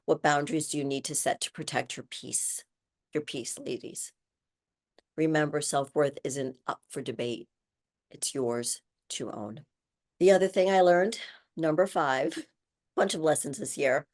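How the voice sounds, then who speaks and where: A woman's voice: low-pitched, measured pace, a little mellow. A woman in her sixties hosting a solo podcast, speaking earnestly and encouragingly straight to women listeners. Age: 60s. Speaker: podcast host. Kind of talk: heartfelt solo podcast monologue.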